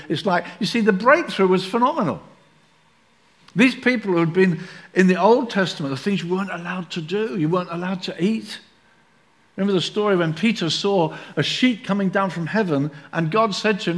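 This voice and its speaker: Animated high-voiced male preacher. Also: a little fast. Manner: animated, acts out voices of people in the story. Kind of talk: sermon.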